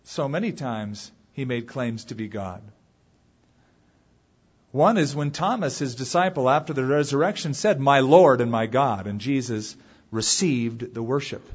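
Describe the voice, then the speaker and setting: Husky guy preaching, big loud bits then quiet ones, kinda muffled recording. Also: medium pitch, unhurried. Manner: dramatic, animated preaching that swings from loud calls to quiet asides. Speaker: pastor. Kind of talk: sermon.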